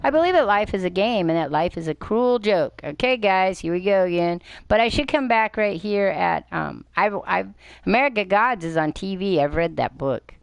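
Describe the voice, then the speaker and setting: A woman's voice: mid-range voice, lively intonation, normal speed, creaky, clean tone, lo-fi sound. An older woman rambling through live gameplay commentary, chatting to herself and her viewers and swearing now and then. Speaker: game streamer. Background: game music.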